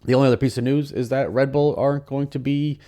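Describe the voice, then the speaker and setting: A man's voice: medium pitch, steady tone, quick pace, warm tone. A man hosting a podcast on his own, talking casually with many fillers and restarts. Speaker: podcast host. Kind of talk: solo podcast commentary.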